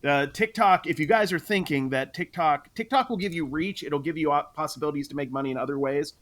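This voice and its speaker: A man's voice: a little high, a little fast, a bit bright. A man co-hosting a podcast, chatting casually and sometimes speaking straight to the listeners. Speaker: podcast co-host. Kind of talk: casual chat.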